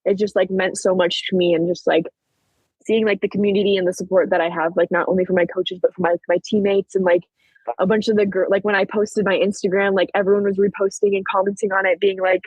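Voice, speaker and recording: A husky-voiced young woman in her late teens, telling a story as a podcast guest, talking quickly and filling every pause with "like". The sound is close and dry, with almost no room around her voice. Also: mid-range voice, dry recording, poor audio. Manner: chatty, peppered with "like", animated retelling. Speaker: podcast guest, track athlete. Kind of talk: casual storytelling interview.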